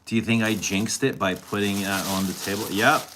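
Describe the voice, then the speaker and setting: A man's voice: fairly low pitch, steady tone, normal speed, background noise. A man chatting casually with his live-stream audience, teasing viewers and answering their questions. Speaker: fragrance streamer.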